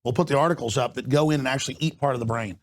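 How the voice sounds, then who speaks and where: A man hosting a talk show, speaking forcefully and emphatically in a heated discussion. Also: medium pitch. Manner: forceful, emphatic, rapid-fire delivery. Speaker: host.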